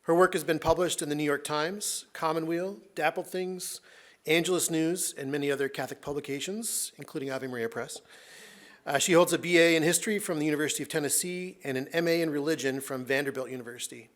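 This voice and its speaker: Higher-voiced man introducing a speaker. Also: fast, a bit bright. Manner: reading a bio with small fillers. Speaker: session moderator.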